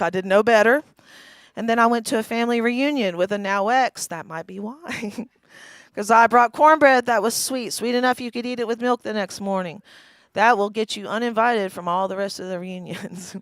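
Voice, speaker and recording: A woman in her forties works through a stand-up set with a wry, self-deprecating delivery, chuckling at her own lines. Her voice sits fairly high and sounds smooth and clear. The sound is close and dry, with almost no room around it. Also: fairly bright tone, no echo. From East Tennessee. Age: 40s. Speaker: stand-up comedian. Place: small live comedy venue.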